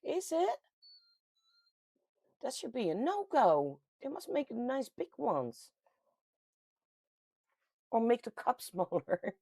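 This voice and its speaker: A woman's voice: fairly high pitch, sing-song, takes it slowly, long pauses, mellow, slightly rough, no room sound. A woman with a Dutch accent hosting a casual live chat, reading out viewer comments and laughing often. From Netherlands. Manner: chatty, laughs often, reads comments aloud. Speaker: livestream host reading chat. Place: at home.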